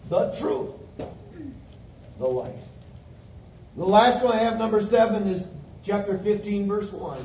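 A man's voice: high voice, mellow. A man preaching a sermon, quoting scripture and pressing his points with emphasis. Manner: emphatic, quotes scripture with rising fervor. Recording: roomy distant mic with faint hiss.

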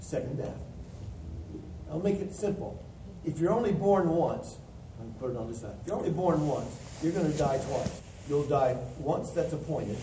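A man with a high yet mellow voice delivers a plain-spoken sermon at normal speed, animated as he works through verses and acts out the voices he quotes. He's far from the mic in a roomy church hall, with a faint hiss in the background.

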